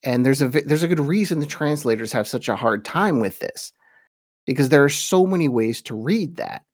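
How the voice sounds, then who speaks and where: A man's voice: mid-range voice, animated, no room sound. Thoughtful man lecturing in a dry studio. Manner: thoughtful, slows down to read quotations with weight. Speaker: podcast host teaching religious history. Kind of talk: informal lecture with read-aloud quotations.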